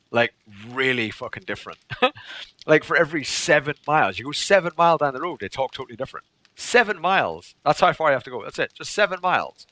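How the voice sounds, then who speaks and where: A man's voice: on the high side, bright, forceful tone, no echo. A man from Northern Ireland with a Northern Irish accent, chatting casually on a game stream, telling stories animatedly, laughing often and repeating phrases for effect. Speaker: live streamer.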